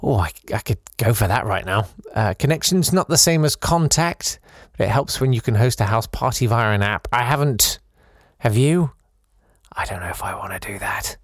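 A man's voice: mid-range voice, expressive, moderate pace, no room sound, studio quality. A man hosting a podcast in a casual, rambling way, reading listener messages with self-deprecating asides. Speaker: podcast host.

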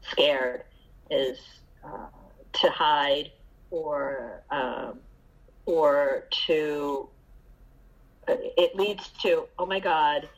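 A middle-aged woman giving a candid, halting personal share at a recovery meeting, with many fillers and restarts. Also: deep voice, rough recording.

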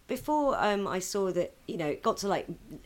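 A woman co-hosting a podcast in casual chat, animated and swearing freely with frequent laughter. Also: mid-range voice, moderate pace. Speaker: podcast co-host.

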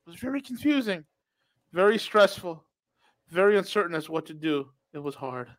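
A man's voice: high voice, sing-song, moderate pace. A man co-hosting a podcast, reading news aloud with sarcastic, mocking asides. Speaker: podcast co-host. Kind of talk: casual ranting commentary.

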